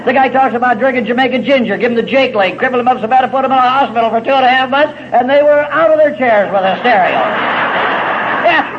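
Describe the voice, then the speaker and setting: A man's voice: extremely high pitch, fast talker. A middle-aged man speaking at a recovery meeting, telling his story in a folksy, salty way with wry humor. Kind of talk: personal testimony talk. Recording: dull lo-fi recording with faint hiss.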